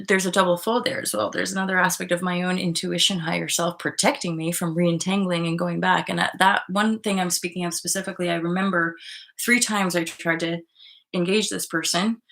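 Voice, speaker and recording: A young woman hosts a tarot livestream in a relaxed, candid way. She greets viewers and reads out their comments. She swears freely and breaks into loud outbursts when she retells what happened to her. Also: lowish voice, a little fast, vocal fry. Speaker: livestream host reading tarot. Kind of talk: casual livestream chat.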